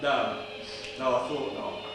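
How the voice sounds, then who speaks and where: A man's voice: mid-range voice, fairly even intonation, slow pace, lightly acted. An actor playing a famous joking male stage comedian, firing off gags with a chuckling laugh in a stage play. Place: small studio theatre stage. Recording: roomy theatre sound from far off, music.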